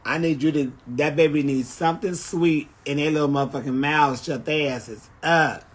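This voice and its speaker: A man's voice: fairly high pitch, steady tone, moderate pace. A man chatting casually on a phone livestream, telling brash, profane stories. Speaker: drag performer on a livestream.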